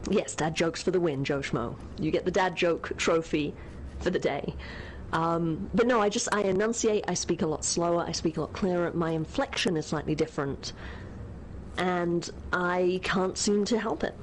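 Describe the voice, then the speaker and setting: A woman's voice: on the low side, normal speed, a little hiss or hum, rough recording. A British woman from Yorkshire, co-hosting a gaming livestream, who reads chat aloud, laughs often and swears casually. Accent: British English, softened by living in the US. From Yorkshire, England. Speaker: co-host.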